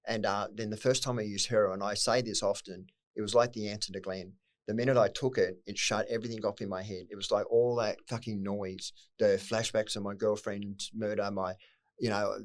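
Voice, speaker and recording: A man's voice: lowish voice, fairly even intonation, moderate pace. A middle-aged Australian man telling his life story as a podcast guest, blunt and swearing freely, with emotion breaking through at times. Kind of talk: candid personal storytelling.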